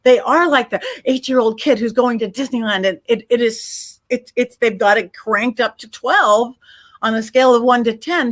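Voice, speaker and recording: A woman guest on a podcast, telling a story in a lively, casual way and acting out her own quotes. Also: a little high. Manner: animated, acts out her own quotes, many restarts. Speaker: podcast guest, psychic medium.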